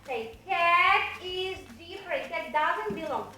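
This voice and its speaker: A woman teaching a small child in a slow, exaggerated, sing-song way, prompting words and animal sounds. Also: very high voice, lively intonation, bright, forceful tone, distant mic. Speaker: teacher and parent. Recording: echoey room, off-mic, faint music.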